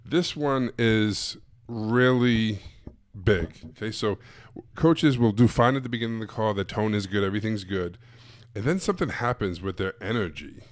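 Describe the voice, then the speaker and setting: A man's voice: lowish voice, lively intonation, moderate pace, no room sound. A man giving a blunt, casual live-streamed coaching talk to sales coaches, full of emphatic asides.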